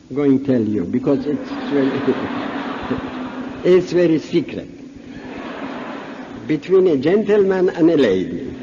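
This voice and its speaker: A man from Iran with a Persian accent, a native Persian speaker, giving a humorous talk at a conference and acting out the dialogue in his stories. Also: fairly high pitch. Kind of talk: anecdotal religious talk. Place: large conference hall. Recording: dull echoey hall recording, faint hiss.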